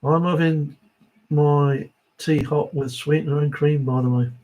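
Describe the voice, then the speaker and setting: Heard through lo-fi sound, a middle-aged man speaks at a measured pace with a fairly high pitch, steady tone and darkish quality. He hosts a diecast model livestream with an East Midlands accent, being from the English Midlands. Chatty and matey, he reads out comments from viewers and chuckles between them.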